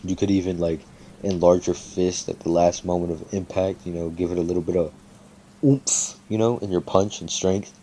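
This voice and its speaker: A man's voice: low voice, flat delivery, a little fast, mellow, slight background noise. A man casually making up and telling a fan story, rambling with lots of fillers and swearing freely.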